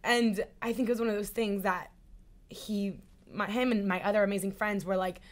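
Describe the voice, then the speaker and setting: A woman in her twenties, an actress, telling a personal story in an interview with lively, emotional delivery. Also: medium pitch, moderate pace. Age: 20s. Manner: animated, emotional, acts out quoted voices. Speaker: actress guest.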